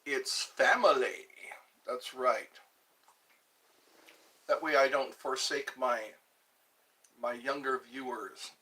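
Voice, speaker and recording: Speaking in a mid-range voice that comes across pushed and bright, a male streamer chats slowly and loosely while eating. He says hello to viewers, reads their comments aloud, and frequently restarts words.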